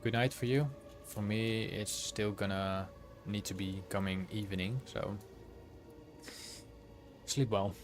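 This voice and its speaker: A man's voice: fairly low pitch, fairly even intonation, slow. A man streaming a video game and chatting easily with his viewers as he plays. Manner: easygoing, chats with viewers while playing. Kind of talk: casual live-stream chat while gaming. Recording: game music playing under the voice. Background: game music.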